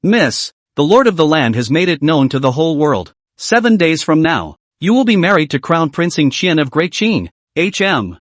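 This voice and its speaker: A man's voice: a little high, very animated, normal speed, hardly any pauses, no echo. A man voicing an anxious young maid delivering grave news urgently.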